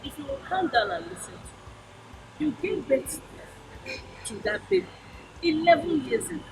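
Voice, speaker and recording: A woman's voice: high-pitched, expressive, normal speed, distant mic, background noise. An actress with a Nigerian accent playing a firm mother lecturing her daughter. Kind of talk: Nollywood film acting.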